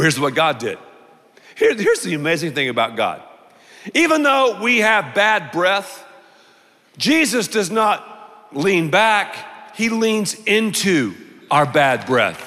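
A male pastor delivering a sermon in a big church auditorium, his bright, high voice carrying a long reverb from the room. He tells stories animatedly and acts out his own inner thoughts. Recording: long reverb of a large hall.

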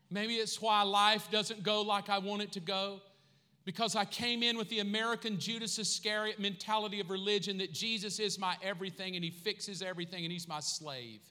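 A man's voice: high-pitched, pushed and bright. A man preaching a passionate, dramatic sermon who acts out his own prayers. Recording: long reverb of a large hall.

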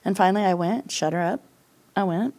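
A middle-aged woman, speaking a little fast in a mid-range, darkish voice, shares her personal testimony as a podcast guest. Her telling is candid and casual, full of laughter and acted-out lines of what people said.

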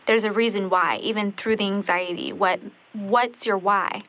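A woman's voice: mid-range voice, steady tone, moderate pace, a bit bright. A woman hosting a podcast, asking long, winding questions in a friendly, casual way. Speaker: podcast host.

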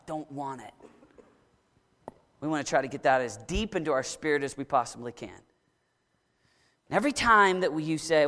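Guy preaching, bright forceful voice, shouts then goes real low, lots of hall echo. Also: expressive, normal speed, long pauses. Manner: dramatic, swings from shouting to low intensity. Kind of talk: sermon.

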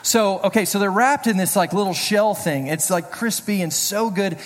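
High-voiced chatty man preaching in a hall. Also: moderate pace, few pauses, a little hiss or hum. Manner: chatty, storytelling, self-deprecating jokes. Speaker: pastor. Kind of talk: casual sermon with humor. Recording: reverberant hall.

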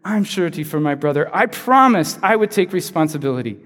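A man putting on a lowered, softer voice as a grown brother begging for his youngest brother's release. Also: lively intonation, fairly quick, in a large hall. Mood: pleading. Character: pleading grown man, desperate older brother.

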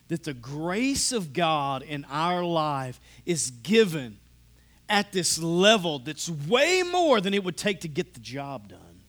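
A man preaching a sermon with passion, dropping to a hush and then rising to loud, drawn-out emphasis. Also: a little high, big pitch swings. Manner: impassioned preaching, swinging from hushed to loud and drawn out. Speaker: pastor. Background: loud soft instrumental music.

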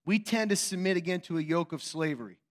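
A male pastor preaching a sermon in an animated, joking way, teasing his congregation and asking rhetorical questions. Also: sits high. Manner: quick, emphatic, asks rhetorical questions.

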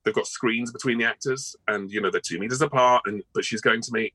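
A man's voice: mid-range voice, quick pace, hardly any pauses, sharp tone, no room sound, poor audio. A male actor chatting as an interview guest, rambling along with many ums and restarts. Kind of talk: casual interview chat.

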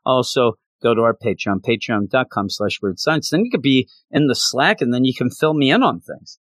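A male podcast host chatting casually in a mid-pitched voice, joking and poking fun at himself as he rambles. He is close to the mic in a dry, dead room. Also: animated, normal speed, dry recording. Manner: rambling, self-deprecating, jokey. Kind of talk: casual chat.

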